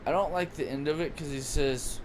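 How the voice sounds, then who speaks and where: A podcast co-host with a slightly high voice talks fairly quickly in a casual, rambling, opinionated chat. Noticeable background noise is present.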